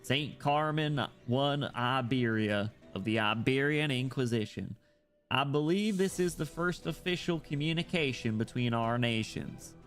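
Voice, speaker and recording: A serene older inquisitor lord, as a streamer reads him out, speaking slowly and gravely in a mid-pitched male voice. His composure never slips. Faint game music plays underneath. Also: animated, a bit bright. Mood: grave, composed.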